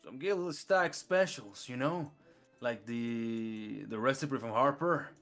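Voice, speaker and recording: A man's voice: medium pitch, slow pace, fairly bright tone, soft background music. A man voicing a pushy male tavern patron who demands drinks from the bartender. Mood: demanding. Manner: brash, demanding.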